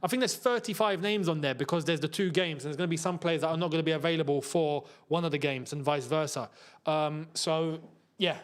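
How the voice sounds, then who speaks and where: Male streamer, fairly high voice, loose live football commentary with exasperated repeats. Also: fairly quick, smooth. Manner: frustrated outbursts, repeats himself. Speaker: football watchalong host. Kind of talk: live casual commentary while reading chat.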